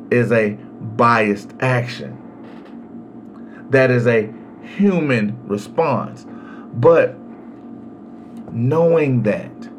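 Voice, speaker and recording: A man hosting a podcast, giving a slow, emphatic solo commentary on legal rights with long pauses. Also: mid-range voice, a little hiss or hum. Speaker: podcast host.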